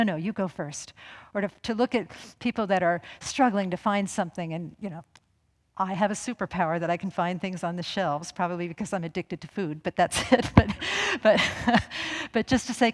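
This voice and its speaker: A woman minister giving a conversational spiritual sermon, telling stories and acting out the voices she quotes. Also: on the low side. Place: church sanctuary. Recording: reverberant hall.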